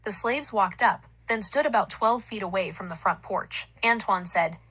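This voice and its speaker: A woman narrating a story aloud in a plain, even storytelling manner. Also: medium pitch, moderate pace, husky, low-quality recording.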